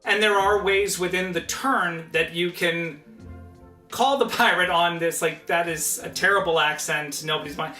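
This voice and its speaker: Animated male game writer, echoey room. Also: sits high, normal speed, faint music behind. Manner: animated, laughs often. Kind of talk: casual chat.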